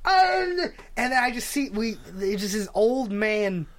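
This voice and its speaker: A man telling a long, animated story in casual chat. He acts out the people he quotes, swears freely and laughs often. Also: high voice, moderate pace. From New York.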